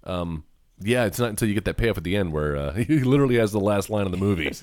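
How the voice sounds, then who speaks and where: A man's voice: on the low side, lively intonation, fast talker, a little mellow, dry recording, studio quality. A man co-hosting a movie podcast, joking playfully and teasing himself in a casual chat. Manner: jokey, playful, mock self-deprecating. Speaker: podcast co-host.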